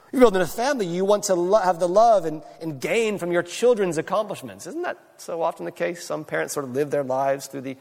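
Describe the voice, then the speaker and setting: A man preaching a sermon to a congregation, animated and given to wry asides. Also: high voice, gravelly. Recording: long echo of a large church hall.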